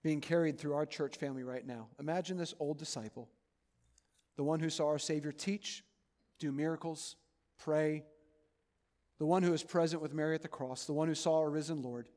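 Pastor guy preaching, kinda high voice, big echoey church hall, goes loud then quiet. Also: fairly even intonation, normal speed. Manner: earnest, swings from loud urging to soft hushed pleading. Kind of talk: sermon. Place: church sanctuary.

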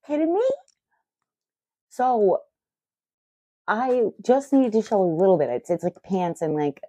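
A middle-aged woman vlogging in casual chat, excitable, profane and rambling. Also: mid-range voice, measured pace, no echo.

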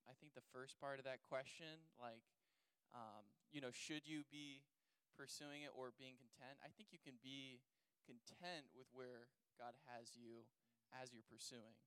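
A man's voice: medium pitch, steady tone, a little slow, fairly bright tone, clear, resonant tone, dry recording, low-quality recording. A young man on a church panel, talking casually about faith and dating with plenty of "like" and "you know". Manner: rambling, many fillers like "like" and "you know".

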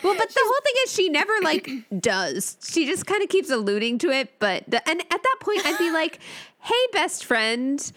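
A young woman co-hosting a podcast, recapping a book's plot casually with animated, laughing asides. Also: very high voice, fairly quick, few pauses. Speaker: podcast co-host. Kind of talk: casual book chat.

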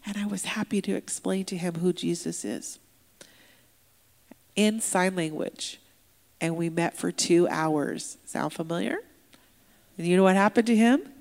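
A woman interpreting a deaf pastor's sermon aloud, telling a story with lively voiced quotes. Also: fairly low pitch, a little slow, gravelly, long pauses, in a large hall. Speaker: sign language interpreter voicing a deaf pastor. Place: church sanctuary.

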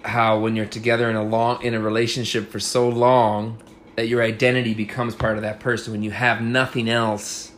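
A man's voice: lowish voice, flat delivery, normal speed, fairly bright tone, slight background noise. A man hosting a casual podcast, giving blunt, profane relationship advice in a frank, chatty way. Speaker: podcast host. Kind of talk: casual chat.

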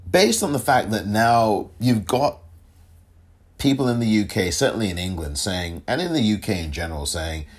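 A man's voice: fairly low pitch, big pitch swings, moderate pace, husky. A man hosting a solo podcast, talking casually and rambling, often chuckling and correcting himself. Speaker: podcast host.

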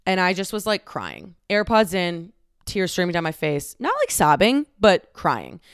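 A woman's voice: lowish voice, big pitch swings, measured pace, clear, resonant tone, no echo, clean studio sound. Candid young woman talking into a mic. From Dallas-Fort Worth area, Texas. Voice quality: frequent "like" fillers, candid and swearing. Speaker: podcast host. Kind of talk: casual solo podcast monologue. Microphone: close studio microphone.

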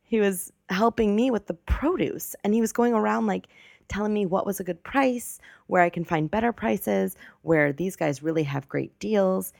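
A woman in her twenties telling a story on her podcast in a rambling, self-correcting, chatty way. Her voice is low and gravelly, recorded close on a podcast mic with a dry sound and no room echo. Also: a little mellow. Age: 20s. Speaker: podcast host. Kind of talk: casual storytelling monologue.

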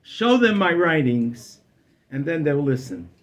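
Storyteller doing a frail old man, calm and certain, speaking low and soft; fairly high voice for a man. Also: measured pace, muffled recording. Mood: quiet pleading.

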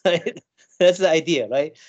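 Halting man explaining with many restarts. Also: fairly high pitch, darkish tone, lo-fi sound. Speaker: scientist guest. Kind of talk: conversational explanation.

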